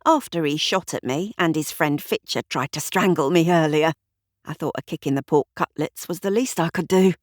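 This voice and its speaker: A man's voice: a little high, moderate pace, no room sound, studio quality, close to an everyday voice. A woman doing a cheeky young constable. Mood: wry. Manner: breathless, eager. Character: young male police constable, blunt and cheeky.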